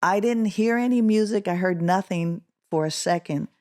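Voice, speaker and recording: A middle-aged woman from Oakland, California, a guest musician telling a story in an interview, acting out the quotes with a rising voice. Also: normal speed. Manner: animated, acts out quotes with rising pitch.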